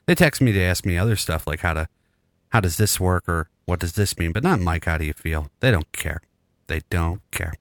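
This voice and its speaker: Raspy male podcast host, low-ish voice, dry close mic, rambling self-deprecating sign-off. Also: lively intonation, fairly quick, no room sound. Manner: rambling, self-mocking, laughs often. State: raspy, rattling chest from illness. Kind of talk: casual podcast sign-off chat.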